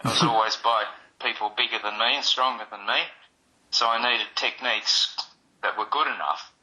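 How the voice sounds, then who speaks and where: Bright-toned man explaining calmly. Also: lowish voice, rough recording. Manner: measured, explanatory, dry humour. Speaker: martial arts instructor. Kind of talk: interview guest, explaining.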